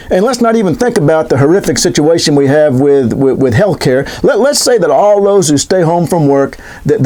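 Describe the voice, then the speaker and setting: A middle-aged man talks through a solo commentary, his voice sitting high for a man. He is sarcastic and mock-questioning, and he often stumbles into restarts. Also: darkish tone. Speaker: podcast host.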